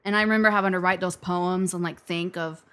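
A woman from Florida, a returning podcast guest, chatting casually and telling stories in an animated way. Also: fairly low pitch, quick pace. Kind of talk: casual chat.

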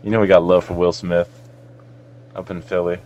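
A man's voice: low-pitched, flat delivery, moderate pace, a little mellow, highs cut off. A man from South Florida co-hosting a podcast, joking around and swearing freely in casual banter. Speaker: podcast co-host.

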